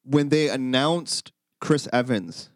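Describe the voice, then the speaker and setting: Casual male podcast co-host, rambling and quick to laugh, dry close sound, mid pitch. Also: dry recording. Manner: rambling, laughs often, acts out quotes. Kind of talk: casual chat.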